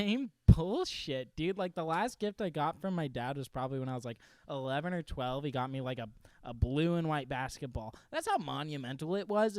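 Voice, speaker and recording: Profane, animated young man, crisp and dry. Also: on the high side, no room sound. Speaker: podcast co-host. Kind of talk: casual chat.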